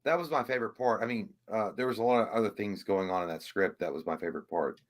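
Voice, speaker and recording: Laid-back low-voiced joking man. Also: fast talker. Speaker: podcast co-host. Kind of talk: casual livestream chat.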